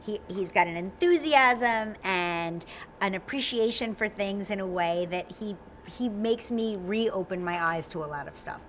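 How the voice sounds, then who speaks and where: A woman in her forties co-hosting a talk show, telling stories in a bubbly, rapid way full of fillers. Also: mid-range voice, slight background noise. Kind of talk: animated interview chat.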